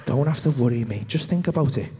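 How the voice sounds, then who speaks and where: A man's voice: expressive, fast talker, warm tone, slight background noise, natural voice. A man voicing a sly male impulse voice in his head, coaxing him to eat sweets. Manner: coaxing, low and wheedling. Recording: long reverb of a comedy club.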